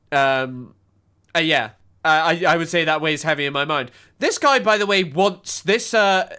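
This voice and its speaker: A sarcastic male streamer reacts to a news clip in a casual, rambling way. His voice is high and bright, with a clear, crisp tone. He swears freely and breaks off into mocking asides.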